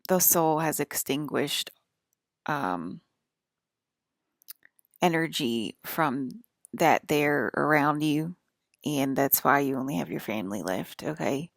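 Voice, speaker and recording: A woman's voice: low-pitched, expressive, slow, creaky, long pauses, dry recording, full character voice. A woman speaking in a put-on Southern accent as her persona, rambling with many fillers in a casual monologue. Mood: musing.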